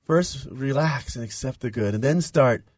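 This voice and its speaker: A man's voice: mid-range voice, moderate pace, breathy edge, no room sound. A man with a mid-range voice co-hosts a spiritual radio show. He muses thoughtfully and chimes in with frequent agreement. The sound is close and dry, with no room at all. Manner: reflective, affirming, frequent agreement. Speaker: radio co-host. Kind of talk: casual spiritual radio chat. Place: radio studio.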